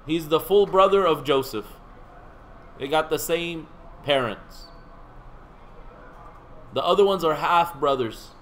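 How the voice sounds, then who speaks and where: A man's voice: a little high, slow, long pauses, fairly bright tone, slight background noise, poor audio. A man teaching a seminary class in a conversational lecture, quizzing his students and making joking asides.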